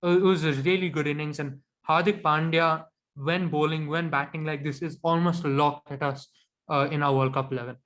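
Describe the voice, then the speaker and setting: Chatty man with a higher voice. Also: steady tone, a little fast, fairly bright tone. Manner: chatty, opinionated, with frequent ums. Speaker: podcast co-host. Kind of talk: casual cricket chat.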